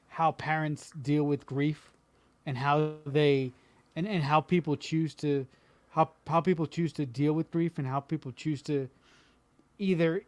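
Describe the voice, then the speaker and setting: A man with a fairly high voice speaks earnestly in a casual chat. He works through his thoughts with plenty of fillers and um's, and the sound is dry and close. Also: a little mellow, no room sound. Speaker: podcast guest.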